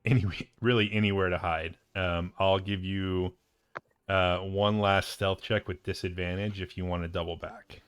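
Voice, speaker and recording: A man running a tabletop game as game master, narrating hesitantly with many pauses and restarts. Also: low-pitched, fairly even intonation, fairly bright tone, clean tone.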